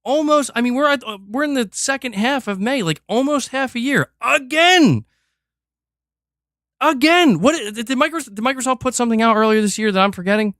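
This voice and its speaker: A man's voice: very high voice, fast talker, hardly any pauses, fairly bright tone, no echo, studio quality. A man hosting a stream, ranting in a heated, profane and exasperated way. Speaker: streamer host.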